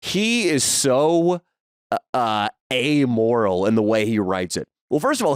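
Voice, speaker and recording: A young man co-hosting a podcast, telling crude, animated stories in casual chat. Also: medium pitch, clear, resonant tone, dry recording, clean studio sound. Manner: animated storyteller, crude jokes. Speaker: podcast co-host.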